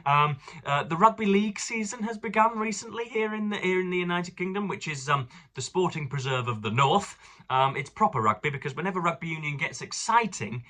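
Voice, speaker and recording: A man's voice: high-pitched, lively intonation, fairly quick, pushed and bright. A young man from England rambling through a casual book vlog, digressive and fond of elaborate words. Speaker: book reviewer.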